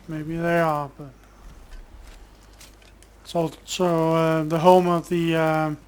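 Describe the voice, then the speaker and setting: A man commentating his own gameplay in a relaxed, casual way, bantering sarcastically with game characters and swearing when annoyed. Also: a little high, slow, smooth. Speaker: gamer streamer.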